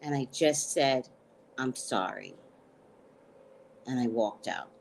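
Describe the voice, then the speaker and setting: A woman host telling a story in a casual chat, animated and laughing, salty, often checking in with "right?". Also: a bass voice, normal speed, a little hiss or hum. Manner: frank, salty slang.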